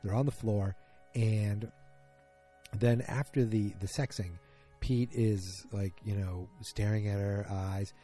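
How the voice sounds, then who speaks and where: A man's voice: fairly low pitch, fairly even intonation, warm tone, faint music behind. A man hosting a solo podcast, recapping a show episode in a rambling casual way with many fillers. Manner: rambling, frequent fillers, quick retelling of scenes. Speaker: podcast host.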